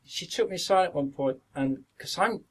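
In a rough recording, a Yorkshire actor, an older man from northern England, reminisces as a podcast guest. His voice is fairly high with a breathy edge and a moderate pace. He wanders through stories, repeats words, and at times acts out what others told him.

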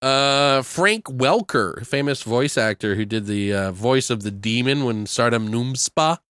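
Co-hosting a movie review podcast, a man chats casually, joking, riffing, and swearing freely in a laid-back way. His mid-range voice is animated, fairly bright, and clean, and he speaks a little slowly. The studio recording is clean with no room sound.

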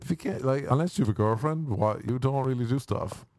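A man's voice: medium pitch, fairly quick, a little mellow, no room sound. A man doing a rambling, self-deprecating comic monologue, dropping wry asides and slipping into mock voices.

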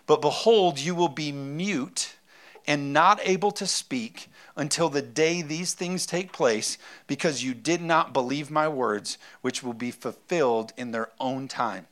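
A man's voice: medium pitch, unhurried, few pauses, pushed and bright. A man preaching a sermon in a conversational way, acting out little asides and reading scripture aloud. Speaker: pastor.

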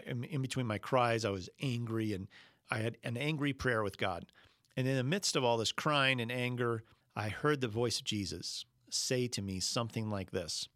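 A middle-aged man preaching a sermon, telling a personal story earnestly and slowing down when he quotes Jesus. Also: medium pitch, fairly bright tone, no room sound, clean studio sound. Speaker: pastor.

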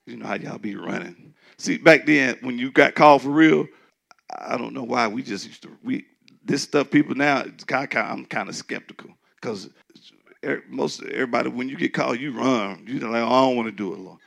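A man preaching a sermon as pastor, in a loose conversational way, who acts out doubters in a shrill mocking voice. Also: normal speed, vocal fry, a bit bright. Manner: conversational preaching, mimics skeptics in a high squeal.

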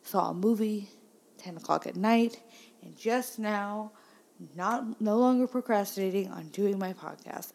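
A woman's voice: medium pitch, creaky, darkish tone. A woman hosting a casual solo podcast, talking in sarcastic, profane, rambling complaints. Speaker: podcast host.

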